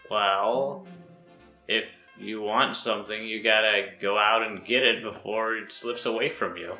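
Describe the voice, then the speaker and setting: Brief: deadpan male co-host, bright voice, room echo. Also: on the low side, measured pace, soft background music. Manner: dry straight man. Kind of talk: comedy sketch banter.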